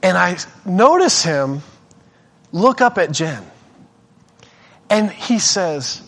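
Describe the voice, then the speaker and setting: A male preacher telling a personal story in a sermon. He is animated and self-deprecating and often restarts his sentences. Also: high voice, takes it slowly, long pauses.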